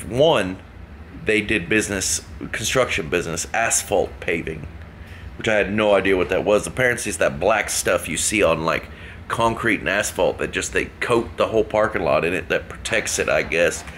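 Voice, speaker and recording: A man's voice: low voice, normal speed, fairly bright tone, slight background noise. A man casually telling a rambling, joking story to camera. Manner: rambling, joking, laughs at himself. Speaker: vlogger.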